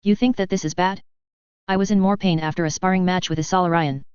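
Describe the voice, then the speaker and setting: A woman's voice: on the low side, fairly even intonation, fast, darkish tone, clean tone, no echo, muffled recording, close to an everyday voice. A woman voicing a defiant alien female mercenary leader who speaks with hissing scorn in a story reading.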